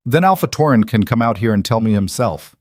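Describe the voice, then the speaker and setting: A man's voice: medium pitch, lively intonation, brisk, no room sound, clean studio sound, close to an everyday voice. A man voicing a defiant young female wolf-shifter leader in an audiobook, level and firm. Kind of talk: audiobook character reading.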